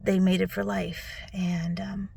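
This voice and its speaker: A tearful middle-aged woman recording a personal video recap on her phone, speaking softly and often dropping to a whisper. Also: mid-range voice, little pitch movement, takes it slowly, vocal fry, a little hiss or hum. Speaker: vlogger. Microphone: phone selfie video.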